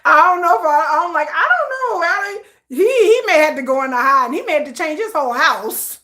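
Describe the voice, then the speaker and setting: A woman's voice: very high-pitched, lively intonation, a little fast, hardly any pauses, sharp tone. A woman vlogger chatting casually to her viewers in a playful, joking way, laughing often. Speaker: K-pop news vlogger. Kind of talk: casual chat to camera.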